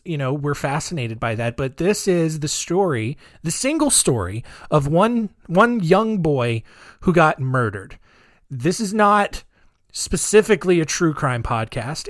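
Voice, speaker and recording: Man, podcast host, casual rambling storytelling, sarcastic asides, lively pitch. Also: no room sound, clean studio sound. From United States.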